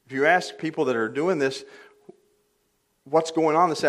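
A man's voice: fairly high pitch, a little fast. An older man preaching a sermon in a church, plainly conversational with light humor, rising to emphatic peaks on key points. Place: church sanctuary.

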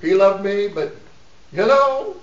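Preaching in a church, a middle-aged man takes a folksy, joking approach, laughing frequently between points. His high-pitched, expressive voice moves slowly, captured from a distance with a dull, echoey room sound.

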